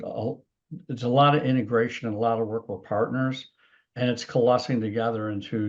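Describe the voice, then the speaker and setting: Low-voiced man, casual filler-heavy panelist. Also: darkish tone. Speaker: industry panelist. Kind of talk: panel discussion. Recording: muffled lo-fi audio.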